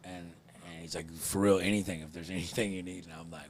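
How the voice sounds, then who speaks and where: A man's voice: sits low, little pitch movement, a little fast, slight background noise. A man hosting a podcast, telling a long crude story in a rambling, self-deprecating way. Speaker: podcast host. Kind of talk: casual chat, storytelling.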